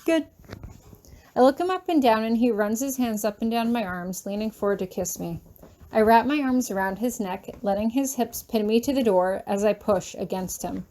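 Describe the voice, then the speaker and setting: Woman fan fiction reader, fairly high voice, steady first-person narration. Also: moderate pace.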